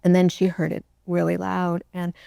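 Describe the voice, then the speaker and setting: A middle-aged woman, an interview guest, telling her own story in a halting, emotional way, close to tears, with many restarts. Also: on the low side, completely flat delivery, vocal fry, mellow, smooth, no room sound. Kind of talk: personal storytelling.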